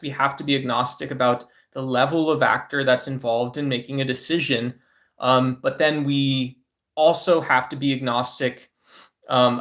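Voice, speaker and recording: A man talking to his livestream chat in a casual, wandering way. He fills his sentences with "um" and "you know", and he often checks in with a quick "right?". His voice sits at an ordinary middle pitch. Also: fairly bright tone. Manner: rambling, with frequent filler words and tag questions.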